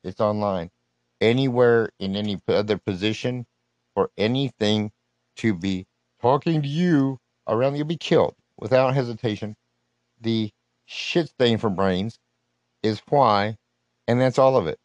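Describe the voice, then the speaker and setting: A man with a somewhat low voice launches into an unscripted live rant, swearing constantly and making threats as his thoughts run on. The recording is dry and close, with no room sound around him. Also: measured pace, a little mellow, no room sound, poor audio. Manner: profane, threatening, rambling rant. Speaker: solo podcaster.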